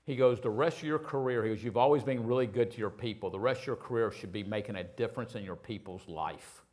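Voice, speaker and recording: A man's voice: lowish voice, fast, darkish tone. Older guy, rambles and swears a lot, laughs at himself, telling stories to a crowd. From Houston, Texas. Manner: profane, rambling, self-mocking storyteller. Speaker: restaurateur guest. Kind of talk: casual storytelling on stage.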